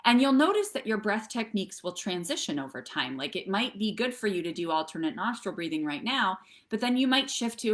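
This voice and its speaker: A woman's voice: mid-range voice, very animated, fairly quick, hardly any pauses. A middle-aged woman coaching viewers through breathwork and tapping on a live stream, chatty and often checking in with "okay?" and "right?". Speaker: wellness coach.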